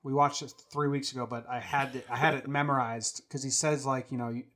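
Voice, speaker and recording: A young man co-hosting a casual movie chat, arguing his points and trailing off quietly at the ends of thoughts. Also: medium pitch, fairly even intonation, brisk. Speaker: podcast co-host. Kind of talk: casual film discussion.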